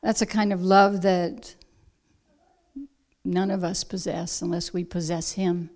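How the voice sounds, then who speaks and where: A woman preaching a sermon, emphatic and unhurried, with soft quiet asides. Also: lowish voice, level tone.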